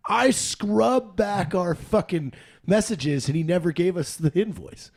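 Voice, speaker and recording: Blunt, profane man, slightly higher voice. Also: lively intonation, unhurried, gravelly, darkish tone. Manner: blunt, profane, repeats himself when pressing a point. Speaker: podcast co-host. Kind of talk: casual chat.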